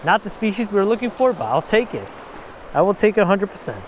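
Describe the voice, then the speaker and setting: A young man filming himself fishing outdoors at a spillway, talking casually and bursting into excited exclamations, recorded on an action camera. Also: high-pitched, quick pace, slight background noise. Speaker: fishing vlogger. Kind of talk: casual on-the-spot commentary.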